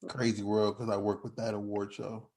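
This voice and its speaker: A man's voice: on the low side, level tone, normal speed, darkish tone. A man hosting a podcast in casual chat, rambling with frequent restarts and laughing as he talks. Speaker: podcast host.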